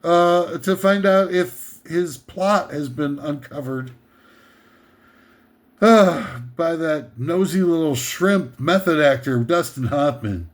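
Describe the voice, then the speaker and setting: A man with a somewhat high voice rants through a comedic countdown. He rambles, stumbles over fillers and restarts, and keeps a sarcastic edge. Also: expressive, takes it slowly. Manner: rambling, hesitant with many fillers, sarcastic ranting. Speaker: comedic list host.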